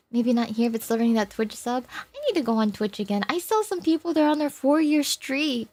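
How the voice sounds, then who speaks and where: A young woman streaming, chatting softly and emotionally with viewers, laughing often while crying. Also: on the high side, normal speed, faint music behind. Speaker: VTuber streamer. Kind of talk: casual chat with viewers.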